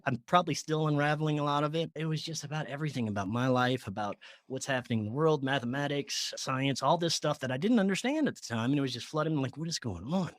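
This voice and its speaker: A man guest on a podcast, telling a personal story in a casual, animated way, laughing often and filling with "like". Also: mid-range voice, dry recording, studio quality.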